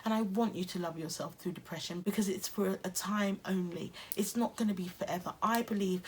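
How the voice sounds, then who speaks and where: A woman's voice: medium pitch, steady tone, fairly quick, a little mellow, slight background noise. A young adult woman with an English accent, talking earnestly and encouragingly to camera in a self-care vlog. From England. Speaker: YouTuber.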